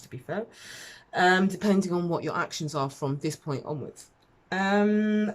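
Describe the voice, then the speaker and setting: A woman giving a casual tarot reading to camera, chatty and rambling, laughing at herself. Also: fairly low pitch. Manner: chatty, rambling, self-deprecating, with fillers and laughs. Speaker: tarot reader.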